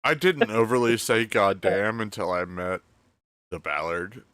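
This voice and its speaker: A man's voice: on the low side, animated, normal speed, a bit bright, no room sound. A man hosting a casual late-night podcast from home, rambling and stammering, swearing a lot as he tells a story. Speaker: podcast host. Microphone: close mic.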